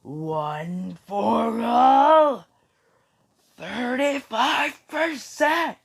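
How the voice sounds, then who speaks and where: A man's voice: high voice, quick pace, mellow, pitched above the performer's own voice. A man voicing a furious young male hero turned villain who screams his attack names. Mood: defiant shouting.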